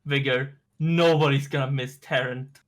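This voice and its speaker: A man's voice: mid-range voice, fairly even intonation, a little slow. A man playing a tabletop role-playing game, talking in a flippant, mock-panicked way. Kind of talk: casual in-character table talk.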